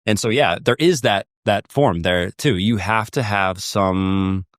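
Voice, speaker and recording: A man's voice: on the low side, slow, no echo, studio quality. A man, a guest on a podcast, telling a story animatedly with many fillers and repeated words. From United States. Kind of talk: conversational podcast discussion.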